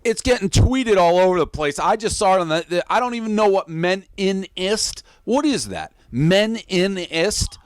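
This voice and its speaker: A man's voice: sits high, animated, normal speed, hardly any pauses, clear, resonant tone, no room sound, rough recording. A man hosting a casual blog show, ranting heatedly with lots of swearing. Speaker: show host. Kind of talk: casual sports-blog banter.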